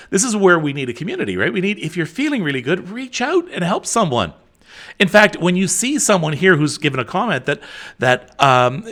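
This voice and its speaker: Host: middle-aged man, lively swinging delivery, casual live-stream chat, reads comments aloud. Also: mid-range voice. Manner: animated, chatty, with frequent fillers.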